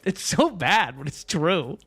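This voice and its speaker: A man's voice: on the high side, very animated, slow pace, gravelly, fairly bright tone, slightly rough, soft background music. A young man streaming, chatting casually and rambling with lots of fillers, joking and answering his chat.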